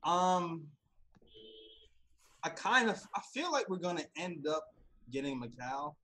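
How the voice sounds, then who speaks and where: A man co-hosting a casual sports podcast, excitable and fond of saying "yo.". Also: a little high, a little slow, rough recording. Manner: excitable, says "yo" and "I'm sold". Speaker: podcast co-host.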